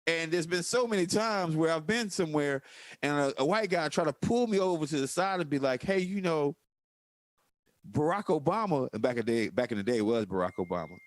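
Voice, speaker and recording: A man's voice: fairly high pitch, quick pace, no echo. A man in casual political chat, telling stories emphatically. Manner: animated storytelling, profane, emphatic. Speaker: podcast co-host.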